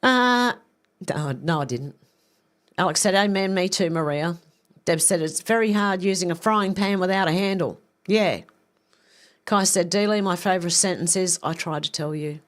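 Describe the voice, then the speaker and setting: A woman hosting a live stream, reading viewer comments aloud and reacting with quick asides. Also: lowish voice.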